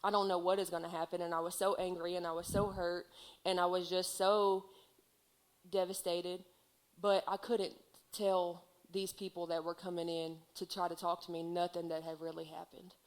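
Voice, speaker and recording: A woman's voice: fairly low pitch, flat delivery, normal speed. A woman sharing a heartfelt personal testimony in church, speaking earnestly and filling her sentences with "like" and "um.". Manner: earnest, heartfelt, filler-heavy with many "like"s.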